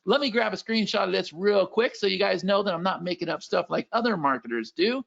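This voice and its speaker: A man giving a hyped, pushy sales pitch as the presenter of a live webinar. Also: expressive, brisk, gravelly, a bit bright, muffled recording.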